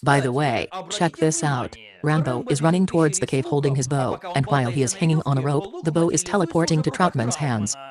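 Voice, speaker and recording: A narrator delivers a scripted film review in a dry, sarcastic tone, mocking each scene. The voice sits at a middle pitch, and the phrasing is slightly broken English. Movie sound and a noisy crowd are audible underneath. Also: brisk, few pauses.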